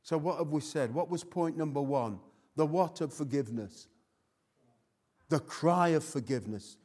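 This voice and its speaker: An older man preaching a sermon with emotion, swinging between loud exhortation and hushed asides. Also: on the high side, normal speed.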